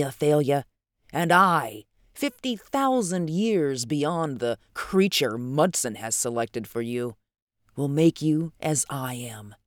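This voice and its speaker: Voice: mid-range voice, no room sound, studio quality. A reader voicing Adam, a mocking superhuman man. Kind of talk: audiobook character reading.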